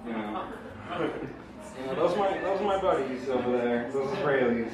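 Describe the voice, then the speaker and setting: A man's voice: mid-range voice, animated, normal speed, crowd noise. A young man doing a rambling, self-deprecating open mic stand-up set, full of fillers. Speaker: stand-up comedian. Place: small open mic room, audience laughing. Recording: echoey live room bootleg from far off.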